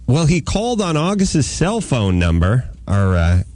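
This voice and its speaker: A man hosting a radio show, joking and sarcastic in lively studio banter. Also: mid-range voice, unhurried, no echo.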